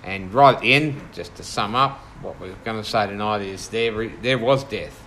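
Low-voiced man leading a Bible study. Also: measured pace, a bit bright, a little hiss or hum, poor audio. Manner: thoughtful, hesitant with fillers and restarts. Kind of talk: informal Bible study teaching.

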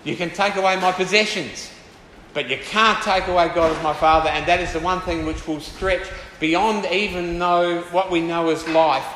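A man's voice: high-pitched, fairly even intonation, normal speed, fairly bright tone, slight background noise. Older man preaching in an echoey hall. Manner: conversational, with asides and repeated phrases. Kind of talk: sermon. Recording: echoey hall with long reverb.

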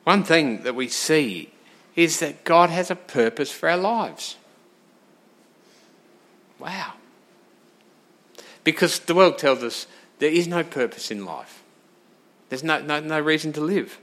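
A man preaching a sermon, lively and direct, asking the congregation questions and moving between loud emphasis and quiet asides. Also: a little high, slow pace, long pauses. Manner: animated, talks straight to the congregation with questions.

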